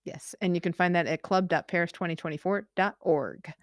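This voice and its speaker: A woman co-hosting a podcast, reading out news updates in a careful, measured way and laughing easily between items. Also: fairly low pitch. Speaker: podcast co-host. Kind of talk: casual news chat.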